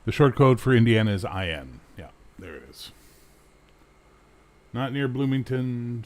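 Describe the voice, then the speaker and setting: A Canadian talk show host with a medium-pitched, slightly mellow voice speaks animatedly at a measured pace, pausing often. On a casual livestream he reads viewer comments, rambling sarcastically and swearing freely as he answers.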